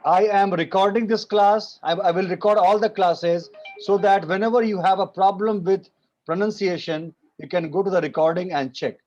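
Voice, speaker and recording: A man with an Indian accent teaching French in an online class, repeating each phrase slowly and mixing English with Hindi. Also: high-pitched, steady tone, a little mellow, faint music behind. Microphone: video call. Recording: muffled video call audio.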